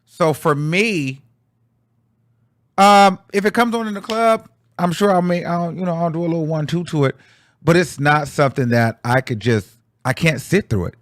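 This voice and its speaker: A man's voice: a little high, moderate pace, a bit bright, no room sound. A young man giving candid, chatty commentary on a song, with frequent fillers and restarts. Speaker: music commentator. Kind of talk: casual commentary.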